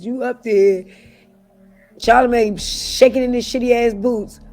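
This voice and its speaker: A woman's voice: on the high side, a little slow, faint music behind. Blunt, profane middle-aged woman. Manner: blunt, profane, animated storytelling with mocking impressions. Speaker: interview guest. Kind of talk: casual interview talk.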